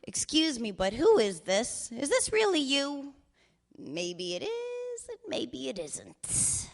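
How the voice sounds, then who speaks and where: A woman's voice: high-pitched, wildly swooping pitch, slow pace, full character voice. A woman voicing her older father reading his voicemails, swearing freely and joking with wry affection. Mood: teasing. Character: older father, cheerful, profane, doting. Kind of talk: reading voicemails aloud in character.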